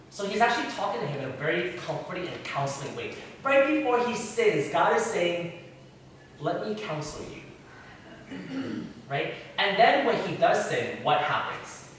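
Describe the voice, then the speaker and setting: A man leads an interactive Bible class at church, firing questions at the group in an animated, up-and-down voice that sits on the high side. He's well back from the mic in a very echoey room, with a faint hiss underneath.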